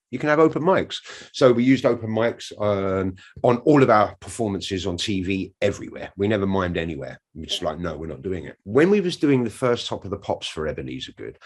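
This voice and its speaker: A man, telling an interview anecdote with energy and acting out the other voices in a cheeky way. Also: low voice. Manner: energetic storyteller, acts out quoted voices, cheeky. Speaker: musician interviewee.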